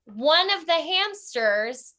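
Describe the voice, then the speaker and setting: A young woman tells a funny story in a bright, forceful voice pitched a little high. She acts out the people she quotes and jumps into sudden squeals. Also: sing-song, slow. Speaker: storytelling guest. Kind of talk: casual comic storytelling.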